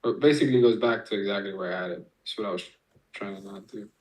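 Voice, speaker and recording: A man's voice: lowish voice, fast talker, poor audio. A man streaming live, talking a chat through chart setups and trade entries, swearing freely and calling out viewers. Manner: explains chart setups step by step. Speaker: trading streamer.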